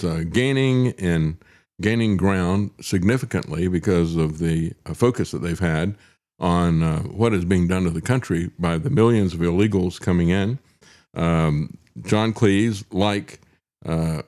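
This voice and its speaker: Brief: middle-aged male commentary host, lowish voice, wry and sardonic, filler-heavy delivery into a studio mic. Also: darkish tone. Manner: sardonic, chuckling asides, frequent "uh" fillers. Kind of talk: political commentary show.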